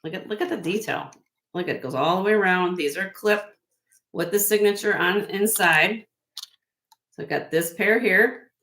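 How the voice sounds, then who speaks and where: A woman's voice: medium pitch, moderate pace, fairly bright tone, low-quality recording. A woman with a Midwestern accent hosting a live-stream jewelry sale, chatty and effusive as she shows off each piece. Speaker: host selling vintage jewelry on a live stream. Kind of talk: live-stream sales chat.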